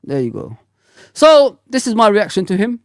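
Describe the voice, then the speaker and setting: A man in his forties hosts a fan livestream and rants bluntly in a casual, slang-filled way. His voice sits somewhat high and swings widely in pitch. The sound is close and dry, with no room echo. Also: moderate pace. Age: 40s. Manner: animated, blunt, ranting, slangy. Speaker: football fan channel host.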